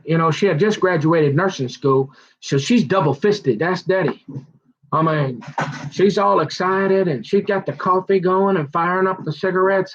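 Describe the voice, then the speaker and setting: A man's voice: high voice, lo-fi sound. A man doing a rambling, self-mocking comic monologue. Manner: rambling, self-mocking, slips into put-on voices. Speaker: comedian.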